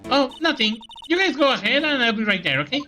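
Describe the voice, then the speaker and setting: A raised, bubbly voice for an excitable young woman, chatty and lively, as a woman voices her in a let's-play. Game music sits in the background. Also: sits high, fast talker, far from the mic, pitched above the performer's own voice, full character voice, rough recording. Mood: cheerful.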